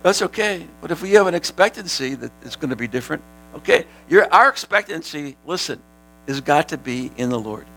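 A man preaching a sermon as pastor, animated, sometimes shouting, and laughing with his congregation. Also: a little high, fairly quick, poor audio.

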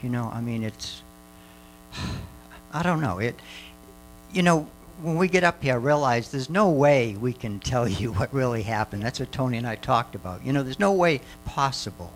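Rambling older man giving a lively testimony. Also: mid-range voice, normal speed, faint music behind, low-quality recording. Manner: rambling, many fillers and restarts. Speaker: mission trip speaker. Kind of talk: testimony to a church audience.

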